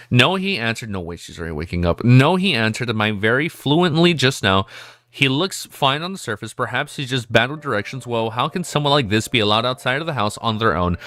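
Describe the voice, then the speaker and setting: A man livestreaming as he reads a novel aloud in steady first-person narration, breaking off now and then to scold his pet. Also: medium pitch. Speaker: streamer.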